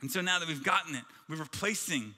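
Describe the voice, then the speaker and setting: High-voiced man preaching in a reverberant hall. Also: animated, quick pace, sharp tone. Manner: emphatic, repeats phrases in rhythmic lists. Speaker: pastor. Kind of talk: sermon. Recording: reverberant hall with background music.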